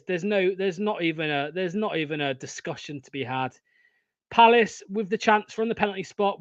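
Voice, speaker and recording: A young man hosting a live football watchalong, swearing often and swinging from excited shouting to deflated muttering. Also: sits high, dry recording, highs cut off. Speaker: fan watchalong host.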